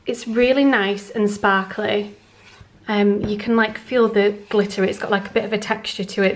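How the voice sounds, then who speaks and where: Woman doing a chatty beauty vlog at home, mid pitch, bit of room echo, lots of ums and likes. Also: slight background noise. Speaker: beauty vlogger. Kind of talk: casual chat to camera.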